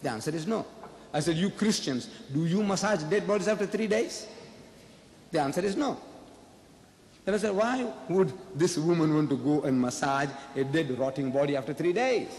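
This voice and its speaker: A man's voice: a little high, normal speed, a little mellow. A man giving a public debate speech, firing off rhetorical questions and repeating his points for emphasis. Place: large lecture hall. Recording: echoey hall with faint ambience.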